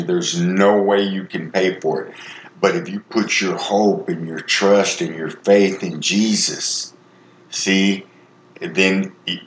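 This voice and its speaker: Man, folksy preacher, low voice, roomy echo. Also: fairly bright tone, slight background noise. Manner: folksy, earnest, conversational. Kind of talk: informal sermon.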